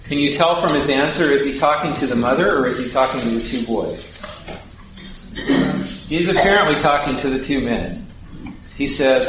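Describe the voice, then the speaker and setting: A man's voice: mid-range voice, normal speed, pauses often. A man giving sermon-style Bible teaching, putting questions to his listeners as he explains a passage. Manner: poses questions to the audience. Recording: very echoey hall, distant mic, background noise.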